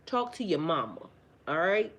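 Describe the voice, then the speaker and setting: A woman's voice: fairly low pitch, big pitch swings, normal speed, fairly bright tone. Woman spiritual coach going off on a live stream, cusses a lot, preachy, repeats herself for emphasis. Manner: blunt, profane, preachy; rhetorical questions, repeats phrases for emphasis. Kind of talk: casual livestream talk to viewers.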